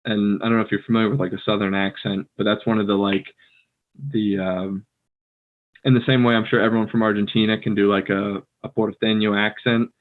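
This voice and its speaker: An American man co-hosting a casual language-learning podcast, talking in a relaxed way with lots of fillers. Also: fairly low pitch, brisk. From United States. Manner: relaxed, filler-heavy, playfully mimics others. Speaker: podcast co-host, English native speaker. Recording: tinny phone-like call audio.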